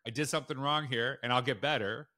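A man, a school principal, telling stories in a casual podcast interview and acting out the quoted people with lively jumps in his voice. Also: fast talker. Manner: animated, acts out quotes with big jumps in pitch.

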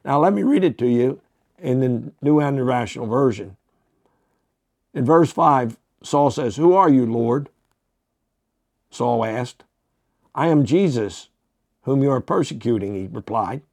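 Sounding pastor teaching from scripture. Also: male voice, medium pitch, lively intonation, measured pace, pauses often, a little mellow, no echo. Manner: reads scripture aloud, then comments with fillers and self-corrections. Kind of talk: Bible teaching podcast.

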